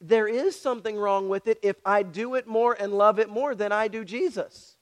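Brief: male pastor, high pitch, direct and challenging sermon delivery. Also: moderate pace. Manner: direct, repetitive and challenging, talks to the congregation.

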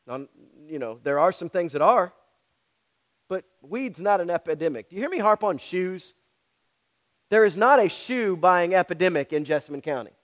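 High-voiced, blunt preaching man. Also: expressive, normal speed. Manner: direct, repetitive and challenging, talks to the congregation. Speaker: pastor. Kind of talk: sermon.

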